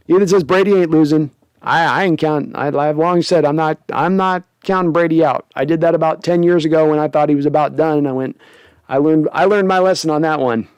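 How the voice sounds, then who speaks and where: A man hosting a casual sports livestream, reading out viewer comments with animated, joking chat. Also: on the high side, no echo. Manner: animated, jokey, reads chat aloud. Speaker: host.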